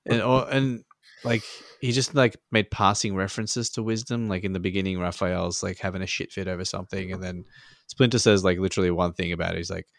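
A man's voice: deep voice, fairly even intonation, fairly quick, vocal fry, dry recording, studio quality. A man with an Australian accent, co-hosting a podcast in casual chat, rambling and profane and laughing often. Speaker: podcast co-host.

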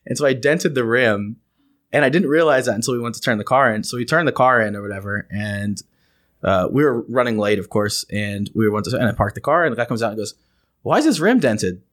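An American man, hosting a casual chat and telling animated stories. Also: mid-range voice. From United States. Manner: animated, fast anecdotes with voiced quotes.

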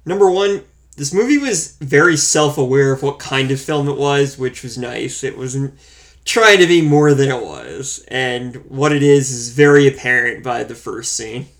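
A man co-hosting a casual movie review chat, relaxed and wry as he counts off his points. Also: medium pitch, moderate pace. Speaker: podcast co-host reviewing a film.

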